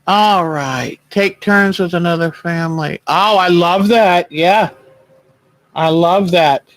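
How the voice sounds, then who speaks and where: A man hosting a quilting livestream, chatting gently and reassuringly while he sews at home. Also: high voice, slow, rough recording. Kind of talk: casual chat while sewing.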